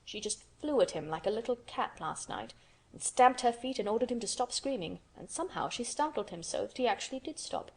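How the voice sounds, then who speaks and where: A woman's voice: fairly high pitch, animated, brisk, vocal fry. Woman narrator playing a gossiping housekeeper, chatty and amazed. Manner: chatty, incredulous. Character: gossiping middle-aged housekeeper, brisk and amazed.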